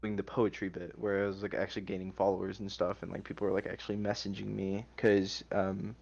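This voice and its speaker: A young man, a poet, talking casually as a guest in a relaxed, rambling way full of restarts. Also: deep voice, quick pace, creaky. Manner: laid-back, rambling, many "like"s and restarts. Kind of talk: casual chat. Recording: dull lo-fi sound.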